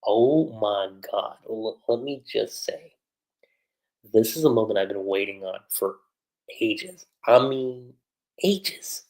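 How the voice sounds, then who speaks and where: A man hosting a livestream, recapping an anime episode in a chatty, animated way, with lots of fillers. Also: fairly low pitch, takes it slowly, rough recording. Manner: animated retelling with frequent fillers. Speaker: anime reviewer.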